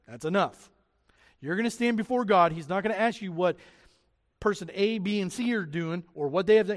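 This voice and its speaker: A man preaching a sermon as pastor, animated and lively, acting out the voices of the people he quotes. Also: high voice, a little fast, long reverb tail. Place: church sanctuary.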